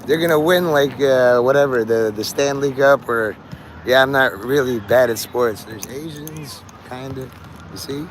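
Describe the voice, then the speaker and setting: A man chats his way through a street livestream in a loose, rambling way, dropping profanity and dark joking asides. Loud traffic and city ambience wash over his voice. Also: mid-range voice, measured pace, rough recording. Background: vehicles and city ambience.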